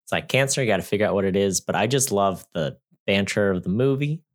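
A man with a slightly low voice talks through a movie in a loose, rambling way. He jokes and leans on fillers as he chats like a podcast host. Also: animated, fast. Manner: rambling, chatty, joking, full of fillers. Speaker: movie reviewer. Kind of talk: casual podcast movie review.

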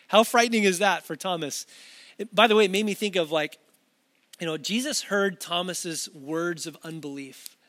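A male pastor with a noticeably high, fairly bright voice preaches a sermon to a camera. His delivery is conversational and earnest, with frequent sentence restarts and casual asides slipped in.

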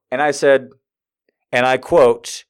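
A man's voice: medium pitch, clean tone. A man doing stand-up, telling a story with profanity and exasperation and acting out the people in it. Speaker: stand-up comedian.

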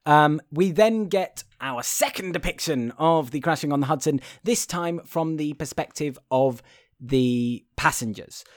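A man's voice: on the high side, unhurried, no room sound, clean studio sound. A man co-hosting a casual film chat, swearing freely and laughing as he talks. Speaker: podcast co-host.

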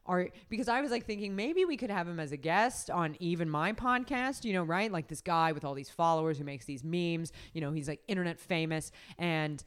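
A woman hosting a podcast, telling a story in casual chat, full of fillers and quick laughs. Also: lowish voice, animated, clear, resonant tone. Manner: rambling, filler-heavy, laughs often. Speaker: podcast host. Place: podcast recording setup.

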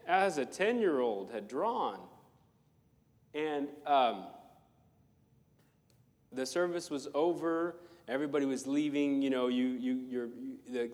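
Animated preacher in an echoing hall. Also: male voice, a little high. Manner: animated, playful, acts out voices in his stories. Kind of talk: sermon with personal stories.

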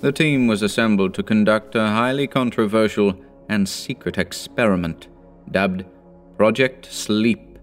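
A man in his thirties narrating a horror story in a measured, grave manner. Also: lowish voice, soft background music.

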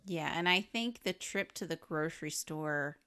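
A woman's voice: sits low, a little slow, pushed and bright. A woman co-hosting a podcast in casual chat, laughing often and chiming in with agreement. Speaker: podcast co-host.

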